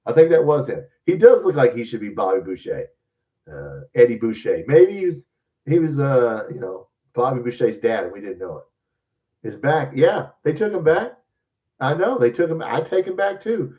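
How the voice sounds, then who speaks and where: A man's voice: mid-range voice, sing-song, normal speed, far from the mic, lo-fi sound. A man hosting a show, giving blunt, profane, rambling opinions in casual talk. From lives in Louisiana. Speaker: podcast host. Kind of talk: casual sports opinion rant.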